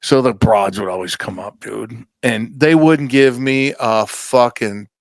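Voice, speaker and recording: A man's voice: medium pitch, a little slow, no room sound, studio quality. A man hosting a podcast, telling rambling, profane stories in casual chat and acting out the people he quotes. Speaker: podcast host.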